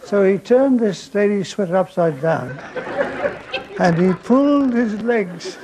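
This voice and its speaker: An older comedian tells rambling stories in a high, slow, deadpan voice. He speaks from a stage. A crowd laughs softly over a faint hiss. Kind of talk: stage storytelling. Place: stage before an audience. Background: audience laughter.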